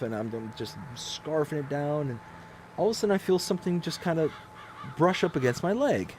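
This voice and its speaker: A man in his thirties telling stories on a casual live game stream, animated and self-mocking. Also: fairly high pitch, fairly quick, slight background noise.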